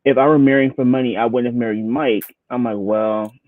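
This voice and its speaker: A man's voice: medium pitch, steady tone, fast, dry recording. A man co-hosting a podcast, chatting casually about a reality show, often stammering and restarting as he quotes himself. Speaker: podcast co-host. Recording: dry, phone-like narrow sound.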